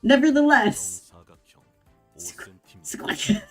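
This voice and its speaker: A woman's voice: high voice, wildly swooping pitch, soft background music, voice pushed up, full character voice. A woman voicing a fussy male head chef in a put-on French accent, stumbling through it. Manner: halting, stumbling over the accent.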